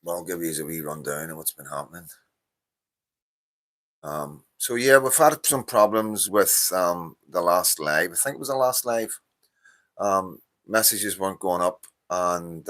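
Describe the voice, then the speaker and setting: A man's voice: deep voice, normal speed, fairly bright tone. A tired middle-aged man with a Northern Irish accent, hosting a casual live stream and rambling with many fillers as he greets viewers. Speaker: livestream host.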